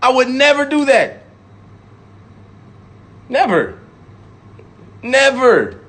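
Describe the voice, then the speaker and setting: A man's voice: very high-pitched, huge pitch swings, drawn-out words, pushed and bright. A man giving a heated, profane monologue, repeating lines for emphasis and mocking imagined critics. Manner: mocks imagined critics in sudden voices. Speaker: rapper speaking out. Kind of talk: impassioned monologue.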